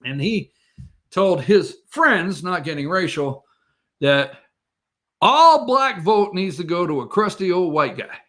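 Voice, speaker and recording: A man's voice: high-pitched, big pitch swings, slow pace, bright, forceful tone. A man hosting a political talk show, rambling and opinionated, mocking the people he quotes. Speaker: host.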